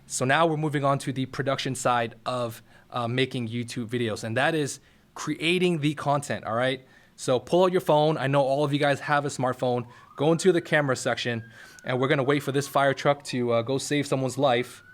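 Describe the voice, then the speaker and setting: Young male host, casual tutorial delivery, direct coaching tone, mid-pitched voice, speaking from his office. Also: normal speed. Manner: coaching, direct, repeats "all right?". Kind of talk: casual how-to talk to camera. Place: office next to a firehouse.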